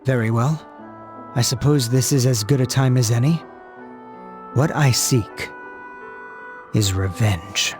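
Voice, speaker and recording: A man's voice: mid-range voice, over music, close to an everyday voice. A man voicing a cold, formal knight. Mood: grave. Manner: formal, measured, aloof. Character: cold, proud young knight, secretive. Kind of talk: video game voice acting.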